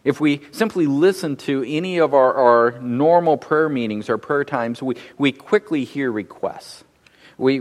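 Man, pastor, measured sermon delivery, repeats words at phrase starts, average pitch, hall echo. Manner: measured, frequent word repetitions.

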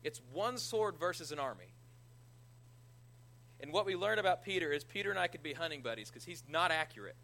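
A man preaching a conversational sermon as a pastor, retelling scripture with animated energy and self-deprecating humor. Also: on the high side, brisk, gravelly, poor audio.

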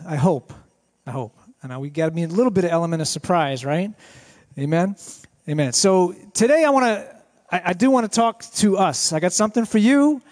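Excitable man preaching a light sermon. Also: sits high. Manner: excitable, joking, repeats phrases. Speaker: guest speaker at church. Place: church sanctuary.

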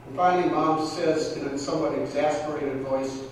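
A man preaching a sermon, chatty and a little halting, now and then acting out the voices in his stories. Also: fairly high pitch, fairly even intonation, slight background noise. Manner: conversational preaching with small restarts, acting out quoted voices. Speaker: pastor. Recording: echoey church hall from far off.

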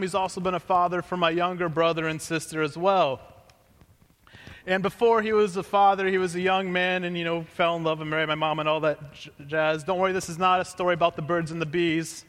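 A man's voice: high voice, fairly bright tone, big-room sound. A young male pastor telling a joking personal story as part of a sermon, in a conversational way.

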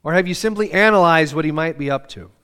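A man's voice: on the high side, fast talker, fairly bright tone, clean tone. A middle-aged man preaching a sermon, earnest and conversational, reading scripture aloud with feeling. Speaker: pastor.

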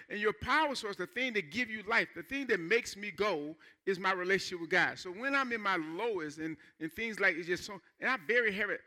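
High, bright-toned conversational preacher man. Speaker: pastor. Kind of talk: sermon.

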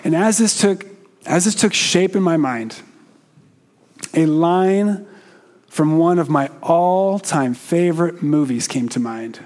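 This man delivers a sermon slowly and deliberately, pausing often and now and then posing questions to the congregation. His voice sits fairly high and has a darkish tone.

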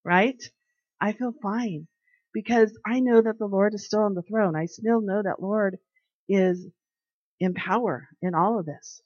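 A woman's voice: mid-range voice, a little slow, darkish tone, husky, dry recording. A woman giving a casual, chatty faith talk, telling everyday stories and acting out what people said. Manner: chatty storyteller who acts out quoted people. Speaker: devotional speaker. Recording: dry, slightly dull recording.

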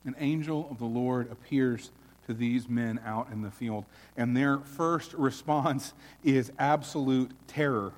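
A man's voice: medium pitch, a little slow. Preaching man in an echoing church. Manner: earnest preaching, swelling loud then dropping to near hush. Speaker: pastor. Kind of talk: sermon.

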